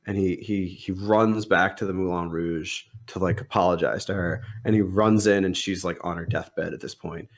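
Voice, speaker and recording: A young man on a podcast casually retelling a film plot, rambling with lots of "like" and "um". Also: low-pitched. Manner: rambling retelling with many likes and ums. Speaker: podcast co-host. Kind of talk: casual movie discussion.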